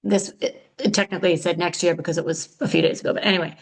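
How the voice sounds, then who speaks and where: A woman's voice: on the low side, fast talker, rough recording. A middle-aged woman hosting her own podcast, talking in a candid, chatty way that is a little frenetic and full of self-corrections. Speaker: podcast host. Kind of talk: casual solo podcast talk.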